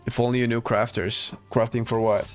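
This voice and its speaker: A man's voice: mid-range voice, level tone, normal speed. A man casually commenting on his gameplay as a streamer, chatty and laid-back, answering his chat. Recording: faint music under the voice. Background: faint game music.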